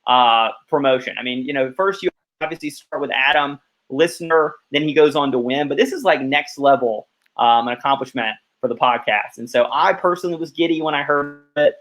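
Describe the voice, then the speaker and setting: A man's voice: medium pitch, fairly quick, a bit bright, low-quality recording. Rambling man from Alabama, podcast guest. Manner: rambling, heavy use of "like" fillers. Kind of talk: casual podcast chat.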